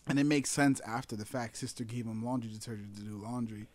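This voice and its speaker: A man's voice: mid-range voice, fairly even intonation, fast talker, few pauses, a little mellow, dry recording. A man chatting casually, rambling and laughing often, acting out quotes as he tells a story. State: intoxicated. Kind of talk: casual chat.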